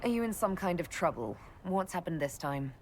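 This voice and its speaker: Steady Inquisitor, direct and earnest, slightly low voice. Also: female voice, normal speed, slight background noise. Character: earnest woman Inquisitor leader, steady and resolute.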